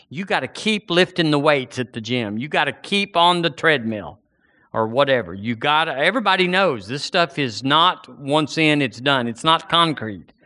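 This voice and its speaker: A man preaching an impassioned, emphatic sermon, his voice climbing when he presses a point. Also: fairly high pitch. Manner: impassioned, emphatic, rising to near-shouts.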